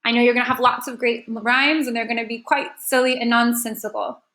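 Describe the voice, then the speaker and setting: A woman's voice: fairly high pitch, little pitch movement, a little fast, bright, forceful tone, poor audio. A woman teaching an online lesson for children, encouraging her students and clapping out syllables with them. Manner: counts and claps out syllables.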